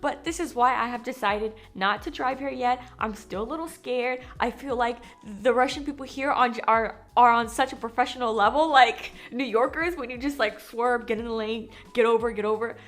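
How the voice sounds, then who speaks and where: A young American woman chatting casually to camera in a vlog, talkative and animated with lots of fillers. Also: on the high side, normal speed, hardly any pauses. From United States. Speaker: vlogger.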